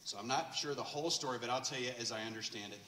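A man preaching a sermon in a church and telling a story in a loose, chatty way, with fillers and quick laughs. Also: mid-range voice, bright, forceful tone, slight background noise. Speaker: pastor. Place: church sanctuary. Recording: echoey church room, distant mic.

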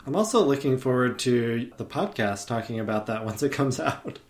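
A man of middling pitch talks as a guest on a podcast. He rambles eagerly, circling back with fillers and restarts as he recalls things, speaking into a podcast microphone. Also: lively intonation, normal speed. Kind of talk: casual podcast chat.

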